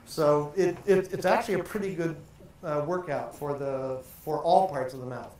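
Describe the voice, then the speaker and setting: A man's voice: a little high, normal speed, a little mellow. An older man teaching a speaking workshop, theatrically projecting and stretching out vowel and syllable drills. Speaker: voice and speaking coach. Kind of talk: workshop lesson with vocal exercises. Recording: very echoey room, faint ambient noise.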